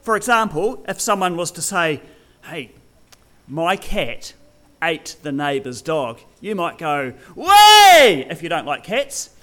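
A man's voice: fairly high pitch, animated, measured pace, sharp tone. A man giving a sermon to his congregation, joking with them and teasing people by name. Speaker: pastor.

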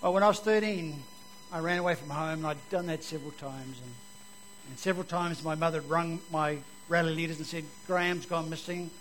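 A New man with a fairly high voice tells his life story to a live audience, like a preacher. He is a vivid storyteller who drops to near-whispers and then rises again. A faint hum sits behind his voice. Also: brisk, poor audio. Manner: vivid storyteller, swings from loud to hushed. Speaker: speaker giving his testimony. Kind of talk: personal testimony told to an audience.

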